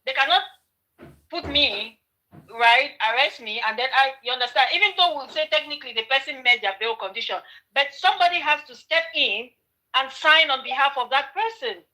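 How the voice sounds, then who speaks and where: A woman's voice: sits high, animated, brisk, sharp tone, low-quality recording. A woman hosting a commentary channel, arguing her point in an opinionated monologue full of rhetorical questions and restarts.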